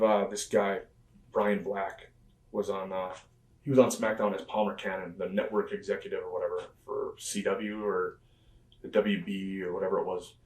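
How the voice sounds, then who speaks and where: A man with a somewhat low voice tells loose, rambling stories, leaning on fillers and small chuckles as he goes. He sounds set back from the microphone. The room around him is roomy and echoing. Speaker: interview guest, former pro wrestler. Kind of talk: casual storytelling interview. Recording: roomy and distant from the mic.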